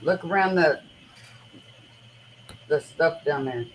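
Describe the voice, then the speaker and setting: A woman with a voice that sits low speaks slowly while hosting a casual chat in a noisy home recording. She tells rambling, animated stories in loose, colloquial everyday speech.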